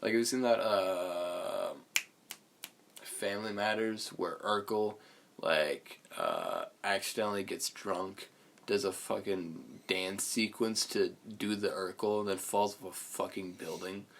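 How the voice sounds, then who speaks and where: Rambling, swearing young man with a gravelly low voice. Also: slow pace, fairly bright tone. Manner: rambling, heavy swearing, loses his train of thought. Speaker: podcast host. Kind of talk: casual chat.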